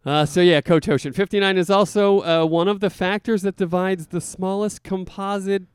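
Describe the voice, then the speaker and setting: A man with a smooth, clear voice and a slightly higher pitch tells a story in an easy, casual way. He slips into playful impressions of the people he quotes. The room sounds dry and close. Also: steady tone, moderate pace, no room sound. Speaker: podcast co-host. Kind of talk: casual chat.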